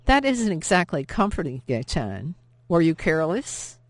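A woman's voice: fairly low pitch, big pitch swings, normal speed, dry recording. Woman reading a stubborn, determined young woman. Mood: pointed. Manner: pointed, firm, a little raised. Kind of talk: audiobook character voice.

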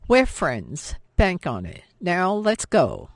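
A woman's voice: lowish voice, huge pitch swings, slow pace, no echo, full character voice. A woman voicing a brusque young male ex-convict in an audiobook, curt and teasing. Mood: insistent. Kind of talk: audiobook character voice.

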